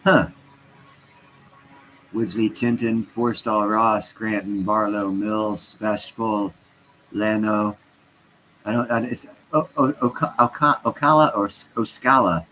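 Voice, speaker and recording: A man's voice: fairly low pitch, steady tone, unhurried, pushed and bright, slight background noise, rough recording. A stoned man chatting casually on a livestream, rambling and interrupting himself as he talks to his viewers. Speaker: crypto vlogger.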